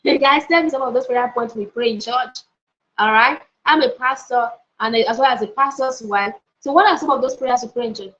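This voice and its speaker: Woman pastor and life coach, high voice, emphatic and repetitive, muffled lo-fi recording. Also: moderate pace, fairly bright tone. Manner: emphatic, repeats key phrases, asks "All right?". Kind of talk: motivational teaching session. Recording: dull lo-fi audio.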